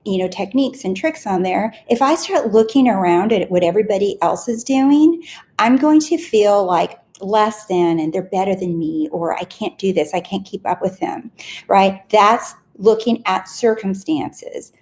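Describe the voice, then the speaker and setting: A woman's voice: medium pitch, lively intonation, normal speed, a little mellow. A woman in her thirties, a success coach, giving a casual motivational talk to camera, earnest and repeating short self-affirmations.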